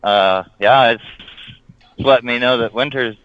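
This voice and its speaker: A man with a Southern US accent chatting casually as a podcast co-host, easygoing and measured with a mild joking streak. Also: mid-range voice, smooth. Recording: dry, dull lo-fi call-in line.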